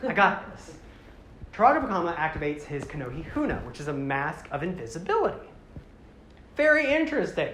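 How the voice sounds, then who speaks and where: A woman giving a rambling, animated casual talk to a live audience, often slipping into character voices. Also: low voice, fast, reverberant, a little hiss or hum. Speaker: presenter.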